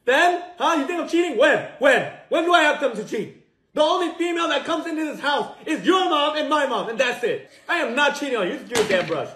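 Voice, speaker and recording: A young man in his twenties in a scripted couple comedy skit, exasperated and animated as he argues his case. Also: very high voice, brisk, roomy sound.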